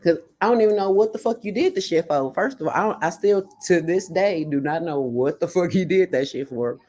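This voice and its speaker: Her voice is on the low side and her delivery brisk as she shares a personal story in casual conversation. It's blunt and full of swearing, and she acts out the quotes with real animation.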